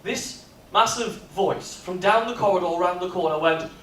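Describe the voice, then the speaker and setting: A man, speaking at a business workshop and telling stories in a lively, jokey way. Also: high voice, normal speed, slight background noise. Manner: lively storyteller, jokey and animated. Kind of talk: live workshop talk with comic storytelling. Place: expo hall. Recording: echoey hall, mic from far off.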